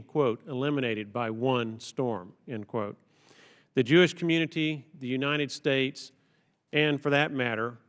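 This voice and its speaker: A man's voice: mid-range voice, fairly bright tone. Congressman reading prepared questions, echoing hall. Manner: deliberate, reads prepared quotations aloud with emphasis. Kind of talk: formal prepared questioning at a hearing. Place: large hearing room. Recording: long reverb from a large hall.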